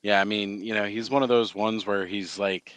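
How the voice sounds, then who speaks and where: Casting: lowish male voice, rambling podcast co-host, dry close recording. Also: fairly even intonation, normal speed, fairly bright tone, smooth, dry recording. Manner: rambling, many "you know" fillers. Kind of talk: casual chat.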